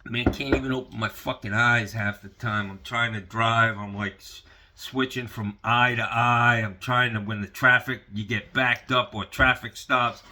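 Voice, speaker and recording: A man's voice: mid-range voice, fairly even intonation, normal speed, bright, forceful tone. A man ranting casually into the camera, profane and rambling, with lots of fillers. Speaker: vlogger.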